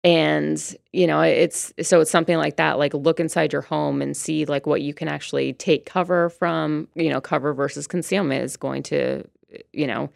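A woman's voice: low-pitched, steady tone, normal speed, gravelly, no echo, studio quality. A woman, a firearms instructor, answering interview questions in a chatty way with many fillers and restarts. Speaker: firearms instructor and brand ambassador.

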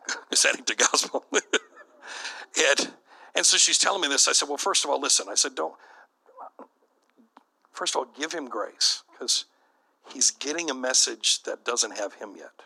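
A man's voice: medium pitch, measured pace, gravelly, pauses often, bright, forceful tone, rough recording. A middle-aged man, a bishop, preaching to church leaders in a conversational, storytelling way.

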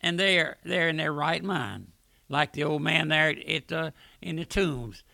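Older male radio preacher, high gravelly voice, bright and dry, folksy and earnest. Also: measured pace, no room sound. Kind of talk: radio sermon. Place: radio studio.

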